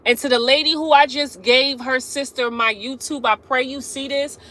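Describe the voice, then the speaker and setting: A woman talks to her viewers on a relaxed live stream, her high, bright voice holding a steady tone at normal speed. Laughing often, she repeatedly turns to speak to them directly.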